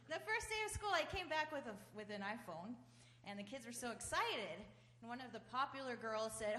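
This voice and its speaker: A woman who is a high school teacher, telling a chatty comic story on a theater stage. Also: animated, fairly quick, bright, forceful tone, echoey room. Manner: chatty, laughs along. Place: theater stage before an audience.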